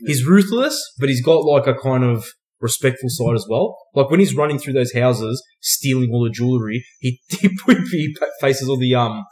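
A man's voice: medium pitch, moderate pace, few pauses, darkish tone. A man in casual film chat who swears freely and leads the questions. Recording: roomy echo.

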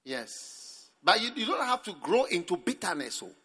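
Pastor man, high sharp voice, preaching, echoing big church hall. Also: normal speed. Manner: animated, acts out prayers with sudden shouts. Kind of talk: sermon. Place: large church service. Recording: reverberant hall.

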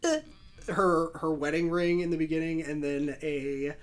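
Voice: mid-range voice, fairly even intonation, normal speed, soft background music. A podcast co-host chatting casually about a movie, rambling with lots of fillers. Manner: rambling, filler-heavy, enthusiastic. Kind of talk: casual movie review chat.

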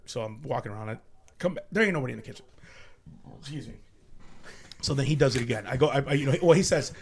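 A man telling a ghost story casually, animated and profane, often laughing. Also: medium pitch, fast talker, pauses often. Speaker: storyteller guest.

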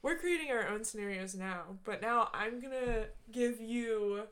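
A young woman hosting a casual chat, playful and quick, often slipping into silly voices. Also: a little high, fairly bright tone. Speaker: podcast host.

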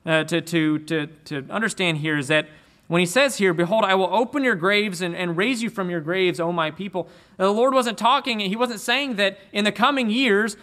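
Male preacher, slightly high bright voice, earnest sermon delivery with frequent restarts. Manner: earnest, repeats words when restarting. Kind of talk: sermon with scripture reading.

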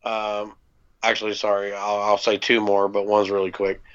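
A man's voice: lowish voice, completely flat delivery, moderate pace, a bit bright, clear, resonant tone. A man casually telling a long personal story on a podcast, laid-back, with plenty of ums and freely dropped swear words. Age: adult parent. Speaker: podcast co-host. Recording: dull lo-fi podcast audio.

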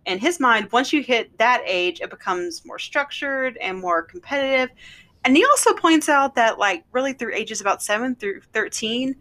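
A woman's voice: high-pitched, sing-song, normal speed, sharp tone. A woman co-hosting a podcast, recapping a documentary in casual chat with dry sarcasm. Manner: wry, recaps and comments with sarcasm. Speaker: podcast co-host.

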